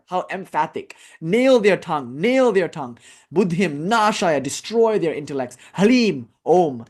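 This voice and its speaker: A man's voice: mid-range voice, a little mellow. A man teaching a class on ritual worship, explaining texts in an earnest, casual manner with frequent fillers. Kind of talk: spiritual class lecture.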